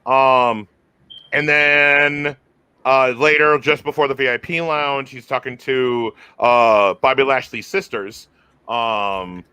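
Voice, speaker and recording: A man hosting a casual wrestling review chat, excitable and rambling, often restarting his sentences. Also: mid-range voice, takes it slowly, clean tone, dry recording.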